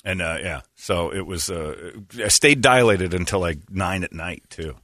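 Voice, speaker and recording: A man's voice: deep voice, a little slow, bright, forceful tone, dry recording, clean studio sound. A man hosting a casual morning radio show, telling rambling, self-deprecating stories and mimicking the people in them.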